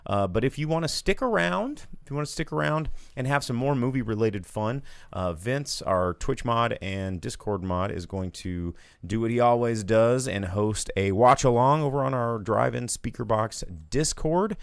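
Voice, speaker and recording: A man's voice: mid-range voice, normal speed, vocal fry, hardly any pauses, clear, resonant tone, no echo, studio quality. A man hosting a casual movie podcast, rambling and sarcastic as he talks through box office numbers. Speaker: podcast host.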